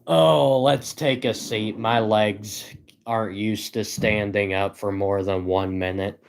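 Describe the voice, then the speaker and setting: A man's voice: fairly low pitch, fairly even intonation, slow, creaky. Rambling, giggly male live streamer. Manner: rambling, self-deprecating, giggly. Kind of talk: casual live-stream chat.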